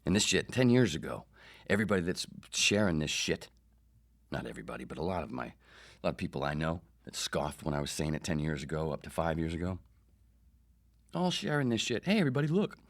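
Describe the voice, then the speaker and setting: A man's voice: rumbling low, animated, fast. A man hosting his own comedy podcast, talking in a rambling, sarcastic, profane monologue. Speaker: podcast host.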